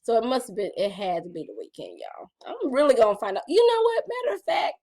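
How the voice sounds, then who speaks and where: Middle-aged woman chatting to her viewers, playful and talky, voice jumps all over in pitch. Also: wildly swooping pitch, fast talker, noisy background. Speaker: vlogger reading her gratitude journal. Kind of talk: casual chat.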